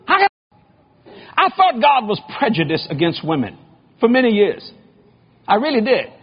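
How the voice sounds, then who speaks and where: A male preacher giving a joking, animated sermon, often shouting, heard on a lo-fi recording. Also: high voice, moderate pace, breathy edge. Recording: lo-fi muffled recording.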